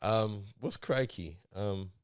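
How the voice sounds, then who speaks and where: A man's voice: lowish voice, slow pace, clear, resonant tone, no echo, clean studio sound. A young man from co-hosting a podcast, teasing and laid-back, often laughing. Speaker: podcast co-host. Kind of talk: casual banter.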